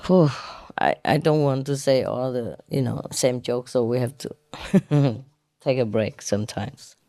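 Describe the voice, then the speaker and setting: A woman telling jokes in a casual way. She laughs often at her own jokes, explains the punchlines, and pauses with hesitant fillers. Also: a bass voice, mellow, no room sound, studio quality.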